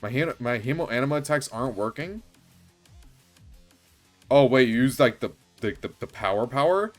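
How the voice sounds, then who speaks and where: Guy streaming a game, gets hyped and yells a lot, bouncy voice, faint music under it. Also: mid-range voice, moderate pace. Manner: excitable, bursts into yelling and laughter. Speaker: gaming streamer. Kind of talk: casual let's-play commentary.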